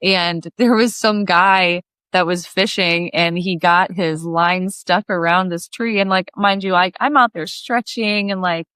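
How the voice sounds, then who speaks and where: A woman's voice: fairly low pitch, a little slow, few pauses, smooth, no room sound, studio quality. A woman in her thirties from the Midwest, a singer, tells stories as a podcast guest, laughing often and acting out the voices she quotes. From Lake of the Ozarks, Missouri. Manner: giggly, animated storyteller who acts out quoted voices. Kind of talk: casual storytelling interview.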